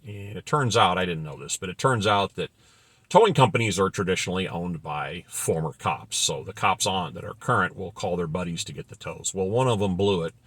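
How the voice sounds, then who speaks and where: Deep husky wry male storyteller. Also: expressive, brisk, fairly bright tone, no echo. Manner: wry, rambling, digressive storytelling. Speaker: former pilot telling stories. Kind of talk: casual anecdotal monologue.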